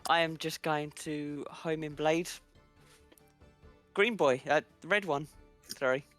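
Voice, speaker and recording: A player in a tabletop game, talking slowly and musingly and laughing often. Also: medium pitch, fairly bright tone, soft background music. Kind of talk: casual tabletop play.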